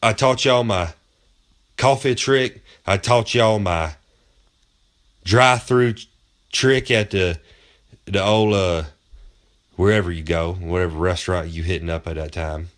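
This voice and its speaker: A man's voice: deep voice, a little slow, pauses often. A pro wrestler man giving road tips in a comedic in-character monologue, boastful and rambling in folksy slang.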